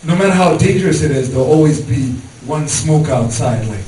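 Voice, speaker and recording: A man's voice: a little high, darkish tone, slight background noise. A man performing a stand-up comedy set, telling stories loosely with lots of fillers. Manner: loose storytelling with many fillers. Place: comedy show venue with audience. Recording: echoey room, mic far off, crowd. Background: audience laughter.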